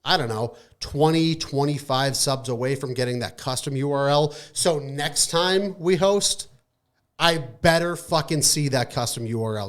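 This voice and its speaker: A man hosting a casual gaming podcast, signing off with loud, profane, mock-angry hype. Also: a little high, a little slow. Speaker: podcast host.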